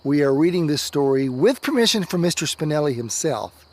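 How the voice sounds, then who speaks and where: A man, a religious education coordinator, reading a children's story aloud with expressive delivery and dips into soft whispers, recorded at home at night. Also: a little high, fairly quick.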